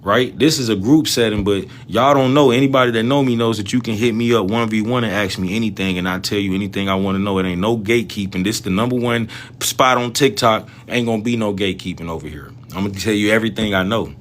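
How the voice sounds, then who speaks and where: Animated slangy man hosting a trading livestream. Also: on the low side, fast, slight background noise. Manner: animated, slangy, talks straight to viewers. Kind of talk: casual livestream chat about stock trading.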